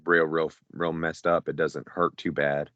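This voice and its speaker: A middle-aged man with a very deep voice tells a rambling, profane story on a casual podcast. He acts out what everyone said along the way. The close mic sounds dry, with no room around it. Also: flat delivery, unhurried, no room sound, muffled recording. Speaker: podcast co-host.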